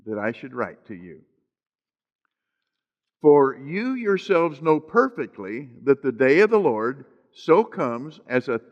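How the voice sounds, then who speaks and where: Guy preaching slow in a church, drags out the verses, cracks little jokes, long hall echo. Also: mid-range voice, fairly bright tone. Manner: slow, drawn-out emphasis on scripture phrases; joking asides to the congregation. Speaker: pastor. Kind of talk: sermon.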